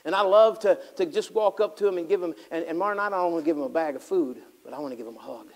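Pastor guy preaching, fairly high voice, gets loud and fired up then drops real quiet, does little voices for people. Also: rapid-fire, few pauses. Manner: swings from loud fervent preaching to hushed tender asides; acts out voices of people he describes. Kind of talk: sermon.

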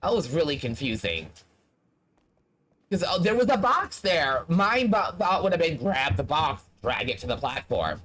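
A man's voice: fairly high pitch, sing-song, a little slow, fairly bright tone, slight background noise. A man giving casual let's-play commentary, blunt and talking straight to the game characters. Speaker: gaming streamer.

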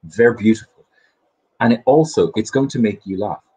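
A man's voice: on the low side, moderate pace, warm tone, slightly rough, rough recording. A middle-aged Irish man hosting a casual chat show from his kitchen in a chatty, self-deprecating way. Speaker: host. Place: home kitchen.

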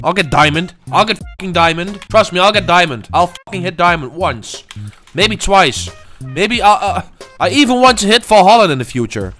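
A young man, a gaming channel host, commenting on his own gameplay, frustrated and swearing, swinging from low muttering to sudden shouts. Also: lively intonation, normal speed, soft background music.

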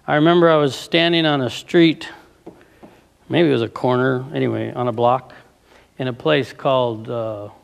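A man's voice: mid-range voice, steady tone, moderate pace, vocal fry. A man preaching a sermon, reading passages aloud and stopping to ask his listeners fervent rhetorical questions. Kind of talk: sermon reading from a book with commentary.

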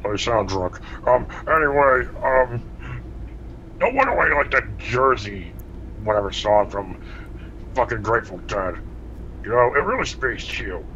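Mocking male caller, bright tone. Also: mid-range voice, lively intonation, normal speed, long pauses. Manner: mocking, teasing. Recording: dull lo-fi call with faint noise.

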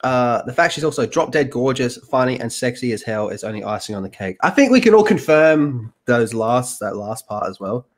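A man's voice: mid-range voice, lively intonation, fairly quick, hardly any pauses. A man hosting a casual reaction podcast, reading news aloud and trading profane jokes with co-hosts. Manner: joking, profane, banter with co-hosts.

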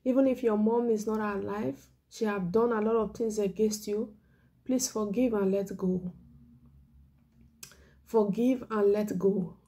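A woman evangelist speaks a little slowly in a medium-pitched, steady, dark voice, giving an emotional exhortation sermon. Nearly in tears, she earnestly pleads, repeats herself for emphasis, and whispers key words.

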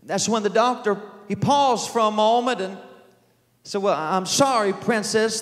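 A man's voice: high voice, long reverb tail. A male pastor telling an emotional story in a sermon, slipping into the voices of the people in it. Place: church sanctuary. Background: soft music.

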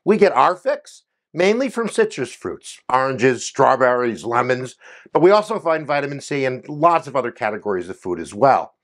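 A man giving a quick history explainer in an energetic, jokey way, with playful asides to his viewers. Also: mid-range voice. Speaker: history educator.

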